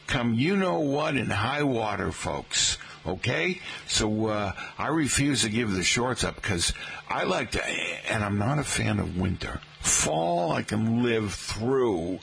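A man's voice: medium pitch, big pitch swings, a little slow, gravelly, a bit bright, breathy edge. An older man from the Boston area, hosting local morning radio in a chatty, folksy way with lots of fillers. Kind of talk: rambling morning radio chat.

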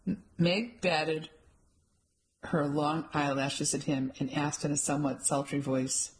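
Woman narrator, first-person audiobook, measured and even. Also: deep voice, poor audio.

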